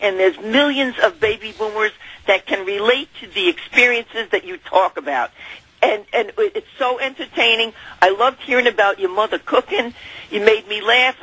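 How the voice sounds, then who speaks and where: A woman's voice: medium pitch, pushed and bright, husky, dry recording, rough recording. A woman calling in to a radio show, gushing and effusive about the host. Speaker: caller.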